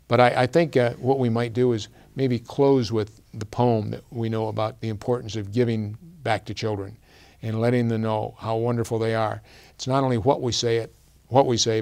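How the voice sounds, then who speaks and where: A middle-aged man tells a personal story in a presentation. He speaks earnestly and haltingly, pausing and restarting often, with fillers running through his talk. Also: fairly low pitch, creaky, darkish tone. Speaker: guest speaker.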